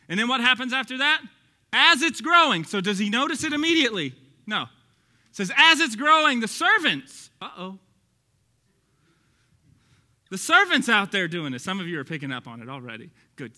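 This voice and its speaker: A male pastor with a Texas accent preaching an animated, joking sermon, acting out quoted voices and sometimes shouting. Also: sits high.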